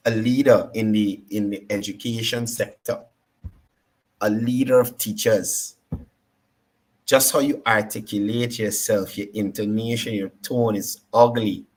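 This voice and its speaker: A man's voice: medium pitch, husky. A man with a Guyanese accent hosting a political talk show, combative and repeating his points for emphasis. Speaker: political commentary host.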